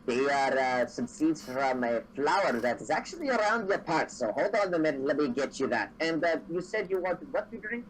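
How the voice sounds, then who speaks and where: A man's voice: a little high, very animated, moderate pace, few pauses, a little hiss or hum, rough recording. A man doing a chatty dwarf bartender. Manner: hearty, calls people lassie and laddie. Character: friendly male dwarf bartender, small, chatty.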